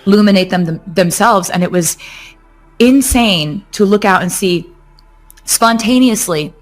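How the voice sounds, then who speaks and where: A woman singer, a podcast guest, telling stories in a casual, animated way with many fillers like "like" and "um.". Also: medium pitch, measured pace, soft background music. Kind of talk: casual chat.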